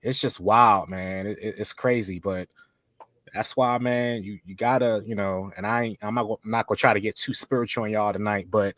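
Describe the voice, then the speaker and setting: A man talking as a podcast guest in casual chat, halting with many restarts and fillers. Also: on the low side, steady tone, fairly bright tone, no echo.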